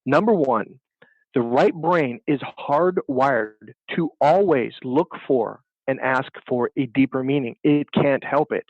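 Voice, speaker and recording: A man's voice: medium pitch, slow, no echo, lo-fi sound. A man, a dating coach, telling stories in an interview and acting out the voices of people in them. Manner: acts out voices in his stories, emphatic. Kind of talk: animated storytelling interview.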